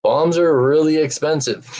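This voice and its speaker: A man on a casual podcast chat, explaining things slowly and hesitantly with many fillers. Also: a little high, a little mellow.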